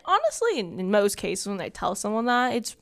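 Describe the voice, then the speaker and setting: A woman's voice: medium pitch, wildly swooping pitch, a little fast, a bit bright. A young woman co-hosting a podcast, sharing her thoughts in a reflective, casual way. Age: young adult. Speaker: podcast co-host. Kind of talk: casual chat.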